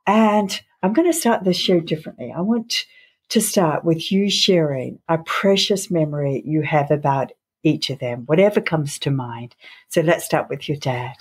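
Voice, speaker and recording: A woman hosting a podcast interview, speaking slowly, gently and earnestly. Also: sits low, slightly rough. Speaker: podcast host.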